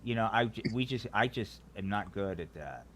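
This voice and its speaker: A man's voice: on the low side, animated, normal speed, a bit bright. A man chatting casually on a video call in an easygoing way, dropping fillers like "like" and "man".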